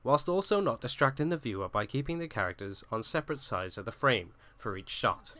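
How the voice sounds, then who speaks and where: A man reading a scripted video essay on film technique, formal and even. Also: mid-range voice, fairly quick, no room sound. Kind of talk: read-out video essay narration.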